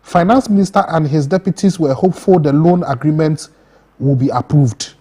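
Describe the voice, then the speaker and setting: A man hosts a talk show in a steady, measured way. His voice is mellow and a little high. He recounts the news plainly and calmly. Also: breathy edge. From Ghana. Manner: steady, measured delivery with brief listening murmurs. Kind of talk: reading a news recap on air.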